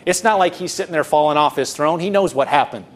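A middle-aged pastor with a high voice preaches in an easy, conversational way. He is earnest, poses rhetorical questions to his listeners, and often restarts his sentences. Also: fast. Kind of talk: conversational sermon.

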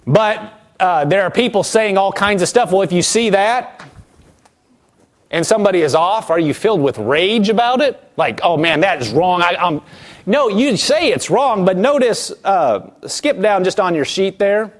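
A man preaching a sermon to a congregation, acting out quoted voices and reading scripture slowly. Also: sits high, expressive.

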